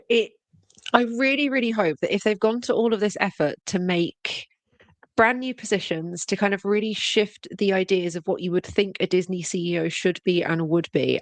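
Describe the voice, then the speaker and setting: A woman's voice: fairly low pitch, no room sound. A woman co-hosting a fan podcast, candidly chatting through news she reads from notes. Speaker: podcast co-host. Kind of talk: casual chat reading news.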